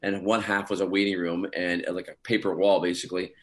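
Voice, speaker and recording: A man's voice: sits low, level tone, fast, fairly bright tone. A man, an actor, chatting in an interview and rambling through stories with lots of fillers. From Scottish heritage through his parents. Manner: rambling storytelling, many fillers. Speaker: actor guest. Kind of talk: casual interview chat.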